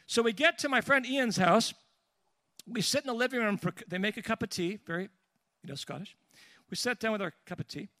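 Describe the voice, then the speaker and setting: Man, preacher, high voice, bright tone, lively storytelling sermon, dry close sound. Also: a little fast, dry recording. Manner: lively anecdotal telling with restarts and asides.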